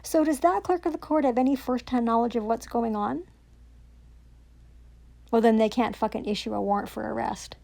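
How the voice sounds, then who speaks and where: A woman's voice: a little high, fairly even intonation, moderate pace, creaky, pauses often, dark tone. A woman, ranting angrily and profanely into her own recording, sarcastic and accusing. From Canada. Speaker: self-recording vlogger. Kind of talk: angry rant to camera.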